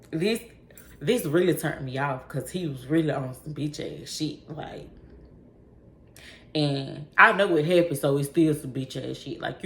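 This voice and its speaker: A woman telling a story straight to camera in a blunt, profane, animated way. Her voice sits low and has a gravelly fry. The room is echoey and has a faint hiss of noise. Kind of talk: casual storytime.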